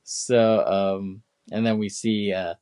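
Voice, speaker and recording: A man with a fairly low voice chats casually on a podcast. He rambles through the story with lots of fillers and slips into quick imitations of the characters. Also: flat delivery, warm tone, clean tone. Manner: rambling retelling, many fillers and put-on quotes. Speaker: podcast co-host. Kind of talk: casual chat.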